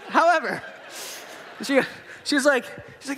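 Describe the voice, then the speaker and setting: Animated man preaching in a reverberant hall. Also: very high voice, moderate pace, pauses often, a little hiss or hum. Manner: animated, self-mocking storyteller acting out quotes. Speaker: pastor. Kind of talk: sermon storytelling. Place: large church auditorium.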